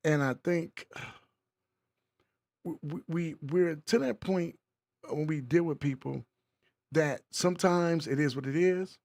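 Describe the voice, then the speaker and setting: A man's voice: fairly high pitch, takes it slowly, vocal fry, pauses often, a little mellow. A man hosting his podcast, calling for applause and talking loosely about mental wellness. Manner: hyped crowd-work, repetitive, loose. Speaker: podcast host. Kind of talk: casual hosting monologue.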